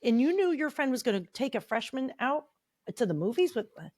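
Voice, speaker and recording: A woman in her forties reads her teenage diary aloud and mocks it with profanity. Her voice sits a touch high and swings widely, lively and animated. The sound is dry and close. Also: brisk, no room sound. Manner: animated, profane, self-mocking. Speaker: podcast co-host. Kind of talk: casual chat, reading old diary.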